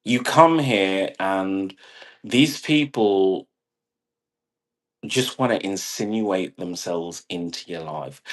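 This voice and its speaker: A man's voice: sits low, takes it slowly. A man rambling casually in a monologue, swearing and laughing at his own jokes. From half British. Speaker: vlogger.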